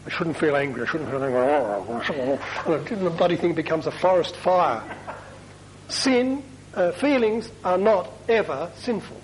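A man's voice: high-pitched, normal speed, a little hiss or hum, poor audio. A man speaking as a priest to a group, chatty and self-deprecating, with emphatic asides and questions to his listeners. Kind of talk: talk to a parish group.

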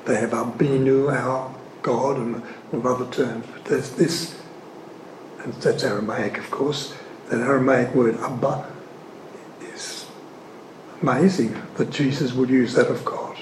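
An earnest male preacher teaches on scripture in a measured voice of ordinary pitch, pressing on key words and pausing between phrases. His voice rings around a roomy, echoing space. A faint hum of ambience sits underneath. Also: steady tone. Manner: earnest and emphatic, leaning hard on key words, pausing often. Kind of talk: sermon-style teaching talk. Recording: echoey room.

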